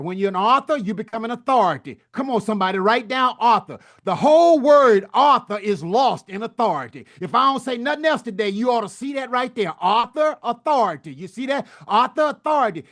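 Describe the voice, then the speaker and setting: A man's voice: high voice, fairly bright tone. A man giving a hyped motivational talk as a book coach, preaching in call-and-response with folksy turns of phrase. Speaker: book coach and summit speaker.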